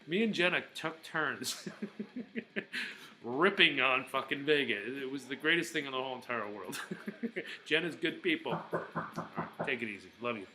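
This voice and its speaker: A man's voice: medium pitch, animated, a little slow, pauses often, background noise. A man talking casually in a rambling vlog, with lots of fillers and restarts. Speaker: vlogger.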